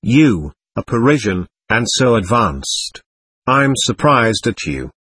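A man's voice: medium pitch, very animated, takes it slowly, fairly bright tone, husky, heavily acted. A man reading the lines of a mocking, sarcastic old male buffoon in a storybook reading. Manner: sarcastic, teasing.

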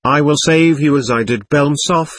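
A man voicing a gushing, domineering middle-aged lady who lectures and talks over others, with a husky voice. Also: fairly high pitch, normal speed, a bit bright, dry recording, pitched above the performer's own voice.

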